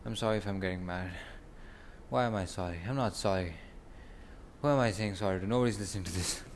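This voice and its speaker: With a deep voice and quick pace, a young man in stomach pain vlogs from outside, away from home, rambling, frustrated, and groaning at intervals. A phone recording app picks him up along with slight background noise.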